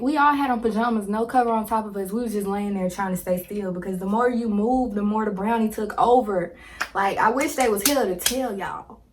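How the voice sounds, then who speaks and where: A woman in her twenties, a vlogger telling a casual story to a phone camera, slangy and animated, laughing as she talks. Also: medium pitch. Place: indoors, home filming with ring light.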